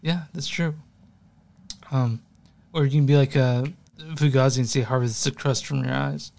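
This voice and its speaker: Young man, podcast co-host, casual rambling talk, swears, laughs often, slightly high voice. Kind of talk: casual music podcast chat.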